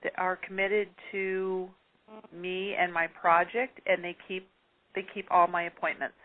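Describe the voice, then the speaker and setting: A woman calling into a teleseminar, speaking slowly and tentatively. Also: lowish voice, level tone. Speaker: caller. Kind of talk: teleseminar participant. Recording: tinny phone line.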